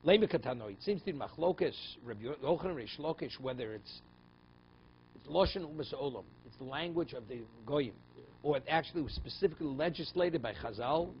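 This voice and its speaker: A man's voice: a little high, expressive, fairly quick, highs cut off, a little hiss or hum. A man, a rabbi, teaching a daily Talmud class, explaining in English mixed with Hebrew and Aramaic terms and checking in with "right?" and "okay?". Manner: rhetorical questions, frequent "right?" and "okay?".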